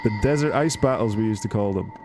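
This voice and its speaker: A man's voice: lowish voice, fast, music in the background, lightly acted. A man voicing an overconfident, chirpy chatbot that talks breezily and sure of itself. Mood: confident. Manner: cheerful, breezily confident.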